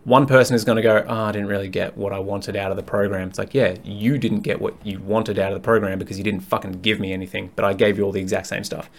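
A man's voice: fairly low pitch, level tone, fast talker, vocal fry, few pauses, a little hiss or hum. A man hosting a fitness podcast alone, talking bluntly and frankly, swearing freely and rambling as he thinks aloud. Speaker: fitness coach and podcast host. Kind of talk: candid solo podcast monologue.

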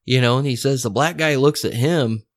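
A man's voice: medium pitch, moderate pace. A man hosting a podcast who tells a true-crime story casually, loose and profane, with lots of fillers and asides. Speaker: podcast host.

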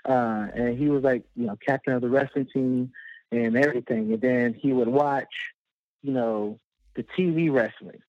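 A man's voice: mid-range voice, moderate pace, no room sound. A man telling a long, rambling personal story as a guest, full of fillers and laughing at himself. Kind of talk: casual storytelling. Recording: dull lo-fi dry sound.

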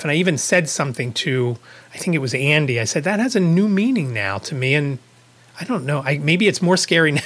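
A man's voice: a little high, fairly bright tone. A man hosting a podcast, telling a rambling first-person story in a casual way, with a chuckle here and there. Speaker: podcast host.

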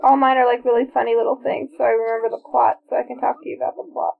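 A woman co-hosting a podcast rattles off trivia rapid-fire while watching a movie, chatty and enthusiastic despite a flat delivery. Her fairly high voice is gravelly, and the sound is narrow like a phone.

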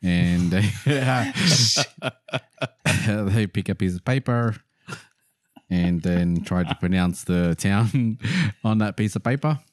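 A man co-hosting a podcast and running a word game, goofy and quick with asides. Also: lowish voice, dry recording, clean studio sound. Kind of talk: casual banter.

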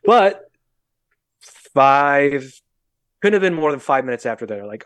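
A man's voice: mid-range voice, sing-song, unhurried, fairly bright tone, no room sound. A young Midwestern American man co-hosting a podcast from a remote call, blunt and sardonic, swearing freely as he tells a story. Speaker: podcast co-host. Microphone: remote call mic.

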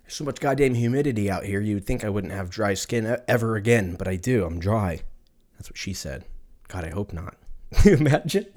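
A man's voice: lowish voice, lively intonation, fairly quick, a little mellow. Profane, rambling male podcast host. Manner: rambling, profane, laughs often. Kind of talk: casual solo podcast rant. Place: lives in Texas.

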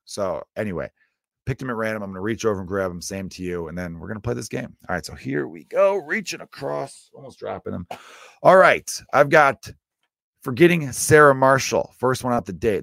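A man's voice: on the low side, no echo, clean studio sound. An American man hosting his podcast, talking in a rambling, self-deprecating comedic monologue with plenty of swearing. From United States. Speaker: podcast host.

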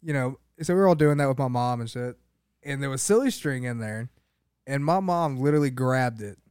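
A young man co-hosting a podcast, telling anecdotes in relaxed casual chat with plenty of fillers. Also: mid-range voice, a little fast, smooth, dry recording, studio quality. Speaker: podcast co-host.

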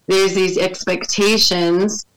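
A woman's voice: mid-range voice, level tone, slow pace, low-quality recording. Frank, swearing woman venting. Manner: frank, profane, rambling venting. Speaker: podcast conversation partner, mother. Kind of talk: candid casual conversation.

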